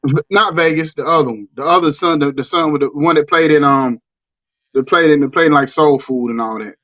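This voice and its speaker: Stammering middle-aged Southern man, high-ish voice. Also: a little fast, no room sound. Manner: animated, repeats words and stammers restarts. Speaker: podcast host. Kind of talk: casual chat.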